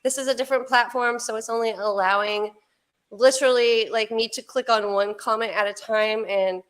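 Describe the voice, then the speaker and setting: A woman's voice: a little high, steady tone, moderate pace, fairly bright tone, clean tone. A woman in her fifties hosting a casual podcast livestream, chatting with a co-host and greeting viewers with frequent laughter. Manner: bubbly, laughs often, chatty asides to viewers.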